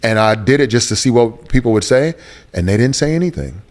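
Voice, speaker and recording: A man's voice: medium pitch, lively intonation, brisk, a little mellow. A man speaking as an interview guest, telling a personal story in an earnest, searching way and repeating phrases for emphasis. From Houston, Texas.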